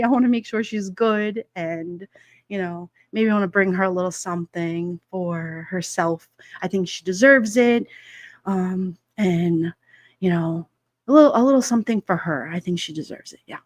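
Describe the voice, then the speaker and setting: A chatty woman hosts a relaxed livestream, reading out viewer comments. She laughs often and talks through lots of fillers at a middle pitch. Her voice is dry and close on a headset mic. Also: normal speed, dry recording. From Brooklyn, New York. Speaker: livestream host. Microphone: headset mic with headphones.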